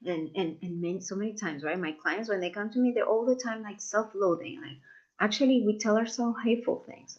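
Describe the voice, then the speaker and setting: A woman leading a live masterclass, talking warmly to her audience and acting out the voices people use on themselves. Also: medium pitch, fairly quick, muffled recording. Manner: expressive, acts out inner voices, addresses audience as "you guys". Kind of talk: live online masterclass talk.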